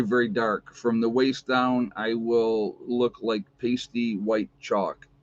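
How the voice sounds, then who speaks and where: Chatty American man rambling on a dull mic. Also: dry recording. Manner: rambling, chatty, many fillers and restarts; high baby talk to his dogs. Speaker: vlogger. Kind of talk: casual livestream chat.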